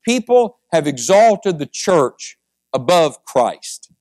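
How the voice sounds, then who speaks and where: A man preaching a sermon, moving between quiet storytelling and rising, fervent appeals to the congregation. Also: on the high side, sing-song, slow pace.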